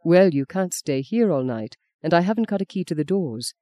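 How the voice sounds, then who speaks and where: A narrator voicing a tall, kindly, middle-aged archbishop who talks slowly and softly, with gentle wryness. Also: medium pitch, animated, natural voice. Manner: slow, soft, gently wry. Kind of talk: audiobook character reading.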